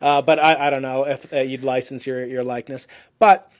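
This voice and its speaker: A man's voice: mid-range voice, steady tone, brisk. A man in his fifties, a physicist hosting an interview, who rambles through questions with frequent restarts. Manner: rambling, restarts, many "you know"s. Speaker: podcast host, physicist. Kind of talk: conversational interview.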